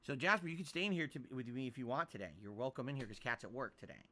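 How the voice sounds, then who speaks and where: A man's voice: mid-range voice, animated, rapid-fire, pushed and bright. A man streaming games, chatting casually to his viewers and cooing at his cat. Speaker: game streamer. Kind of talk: casual livestream chat.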